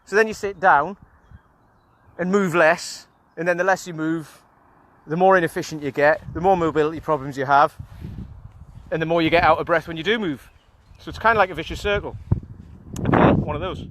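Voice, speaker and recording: A man's voice: a little high, a little fast, long pauses, fairly bright tone, slight background noise. A man, out of breath, talking casually and rambling as he walks outdoors with a phone held in his hand. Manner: rambling, repeats himself, chatty. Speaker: kettlebell coach. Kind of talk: casual walking vlog. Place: outdoors on a walk.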